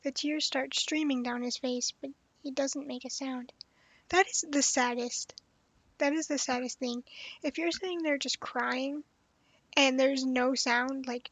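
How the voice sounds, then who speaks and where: High-voiced woman streaming a game. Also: measured pace, dry recording. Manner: animated, blunt, swears and laughs often. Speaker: streamer playing a story game. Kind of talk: casual livestream commentary. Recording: dull, dry lo-fi sound.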